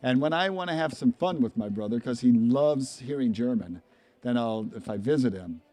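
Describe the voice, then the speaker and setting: A man's voice: medium pitch, expressive, moderate pace, mellow. Chatty male baseball play-by-play commentator. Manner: chatty, rambling between plays with asides.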